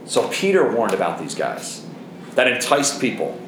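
A man's voice: medium pitch, huge pitch swings, moderate pace, fairly bright tone, roomy sound, a little hiss or hum, rough recording. A man preaching a sermon, emphatic, repeating key phrases and speaking straight to the congregation. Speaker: pastor.

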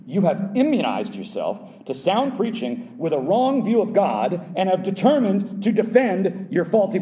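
Emphatic male pastor, heard from afar. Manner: emphatic, swinging from loud high peaks to low quiet asides. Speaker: pastor teaching adult Sunday school. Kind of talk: sermon-style Bible teaching. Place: church. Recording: voice picked up from a distance off the mic.

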